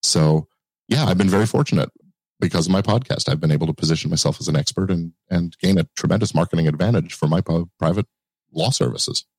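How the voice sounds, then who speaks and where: A man with a very low voice answers interview questions in a relaxed, measured way and hesitates now and then. His audio is dry and slightly distorted. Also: breathy edge, no room sound. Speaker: guest, entertainment lawyer.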